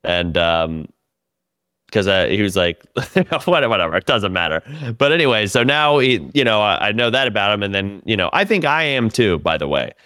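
Profane, animated male storyteller, smooth voice. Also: fairly low pitch, normal speed, no room sound, clean studio sound. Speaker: comedian telling tour stories. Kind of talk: casual podcast chat.

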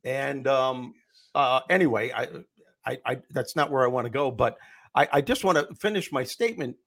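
A middle-aged man, a comedian and motivational speaker, telling animated stories as an interview guest. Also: mid-range voice, moderate pace. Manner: animated storyteller, acts out quotes. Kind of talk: storytelling interview answer.

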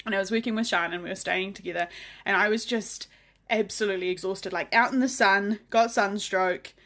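A woman co-hosting a podcast in casual chat, telling lively stories with frequent laughter and swearing. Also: mid-range voice, a little fast. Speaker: podcast co-host.

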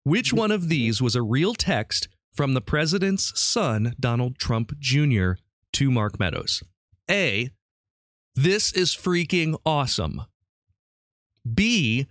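A man's voice: mid-range voice, big pitch swings, slow, a bit bright, dry recording. A chatty man hosting a comedy quiz podcast, laughing easily and keeping the banter light. His voice sits in a middling register and sounds close and dry, with no room around it. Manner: laughing often, chatty and upbeat. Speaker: podcast host quizzing a guest. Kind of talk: casual comedic quiz chat.

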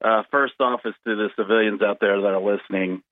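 A man's voice: lowish voice, steady tone, fairly quick, dry recording. A male caller to a radio show, a Marine veteran, speaking earnestly and emphatically over a phone line. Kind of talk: phone-in call.

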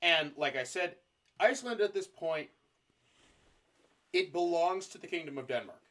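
A man co-hosting a loose history podcast. His voice sits a little high. He talks casually and jokes crudely along the way. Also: animated, moderate pace, fairly bright tone. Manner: joking, profane, slips into silly put-on voices. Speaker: podcast co-host.

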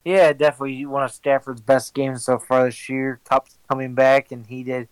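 A man co-hosting a laid-back sports chat in a smooth, clear voice. He talks evenly and easily, with a laugh here and there. The sound is close and dry. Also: mid-range voice, flat delivery, normal speed, no room sound, low-quality recording. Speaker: podcast co-host.

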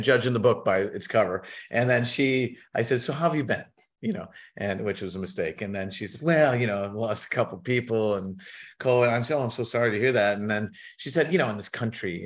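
A middle-aged man spinning casual stories as a podcast guest, in a mid-range voice. He slips into quick impressions of the people he met, with a wry, animated delivery. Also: mid-range voice. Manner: wry, animated anecdote-telling with mimicked quotes. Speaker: musician guest. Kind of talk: casual storytelling in a podcast interview.

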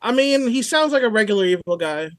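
A man co-hosting a podcast, explaining his thoughts in a relaxed, rambling way full of "like". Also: high voice, fast. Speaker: podcast co-host. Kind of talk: casual chat.

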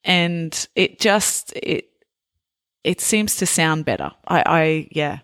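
A woman's voice: low-pitched, slow, a bit bright, no room sound, clean studio sound. A woman interviewing a guest in a casual chat, asking friendly and curious questions.

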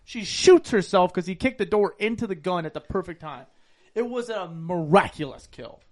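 A man's voice: high voice, lively intonation, moderate pace. A man co-hosting a casual podcast, reviewing a movie in a profane, emphatic way and repeating words for effect. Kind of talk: casual chat.

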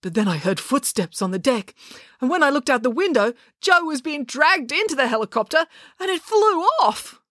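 A frantic, timid father from a storybook, his voice pitched strikingly high and wailing with worry, as a woman reader puts him on. The delivery leaps around in pitch. The sound is dry and close. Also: very animated, normal speed, fairly bright tone, no room sound. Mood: anxious. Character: timid panicky middle-aged father.

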